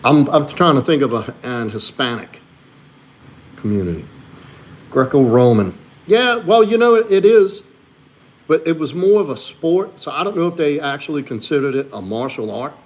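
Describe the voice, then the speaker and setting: A man's voice: expressive, moderate pace. Man chatting on a live stream. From Louisiana. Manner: answers chat questions, talks to his dog in a high sweet voice. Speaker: livestream host and coach. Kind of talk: casual live stream chat.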